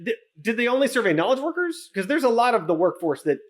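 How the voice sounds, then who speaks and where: A man with a fairly high voice co-hosts a tech podcast, talking loosely and casually before a live crowd. He jokes at his own expense and trades quick remarks with his co-host. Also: sing-song. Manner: joking, self-deprecating, quick back-and-forth. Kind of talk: casual chat in front of a live audience.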